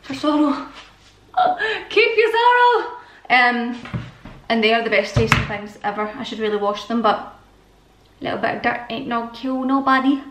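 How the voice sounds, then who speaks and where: A woman's voice: on the high side, fairly even intonation, moderate pace, a bit bright, a little hiss or hum. A young woman from Scotland chatting casually to the camera in a vlog, joking with herself as she drives around and shows her home. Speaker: vlogger.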